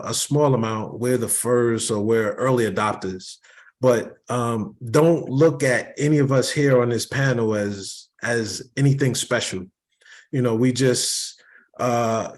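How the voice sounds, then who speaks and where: A man speaking as a panelist in a measured way with pauses over a video call. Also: medium pitch. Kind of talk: panel discussion.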